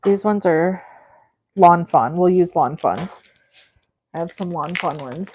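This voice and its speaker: A woman's voice: on the low side, takes it slowly, pauses often, darkish tone, a little hiss or hum. A middle-aged woman hosting a live crafting stream, chatting with viewers in a gushing, effusive way as she works. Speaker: crafting livestream host.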